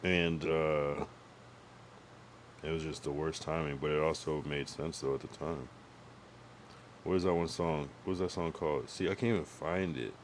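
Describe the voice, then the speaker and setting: Low-voiced casual male streamer. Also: steady tone, normal speed, long pauses, a little hiss or hum. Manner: rambling, profane, thinks aloud about music. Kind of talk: casual livestream chat.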